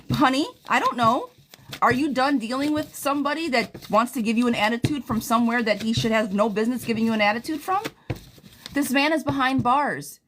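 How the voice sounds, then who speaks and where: A fairly high-voiced woman reads tarot on a live stream. She talks straight to her viewers, blunt and profane, and swings between tough love and reassurance. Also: fairly bright tone, a little hiss or hum. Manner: blunt, profane, impassioned advice. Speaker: tarot reader.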